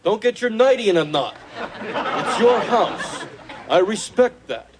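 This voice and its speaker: A man voicing a cocky, cheeky male alien in a sitcom, with a nasal, gravelly voice and brash, joking comebacks. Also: high voice, very animated, a little slow, crowd noise, background noise. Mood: wisecracking. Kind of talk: sitcom acting with laugh track.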